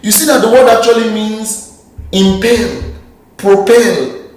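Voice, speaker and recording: Man, preacher, high voice, lively sermon, rhetorical questions, booming echo, distant mic. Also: slow pace, faint music behind. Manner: lively, asks the crowd rhetorical questions, jokes in slang. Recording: very echoey hall, mic far off.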